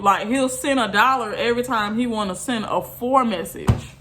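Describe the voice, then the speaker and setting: A woman's voice: a little high, normal speed, over music. A woman vlogger, venting bluntly and repeating herself in an exasperated rant to her viewers.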